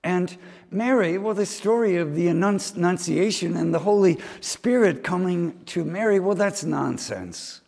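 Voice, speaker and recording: A man's voice: sits high, normal speed, vocal fry, darkish tone, in a large hall. A man preaching a homily, telling stories and slipping into mimicked voices now and then. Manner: storytelling preaching with mimicked asides. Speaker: priest. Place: chapel.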